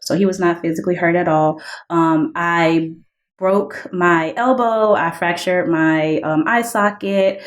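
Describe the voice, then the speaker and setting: A woman guest talking through a personal testimony in an earnest, conversational way. Her voice sits a little low for a woman, and she leans on "like" as she goes. She jumps up in pitch when she acts out what people said. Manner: earnest, heavy use of "like" fillers; reenacts dialogue in raised voices. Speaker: podcast guest.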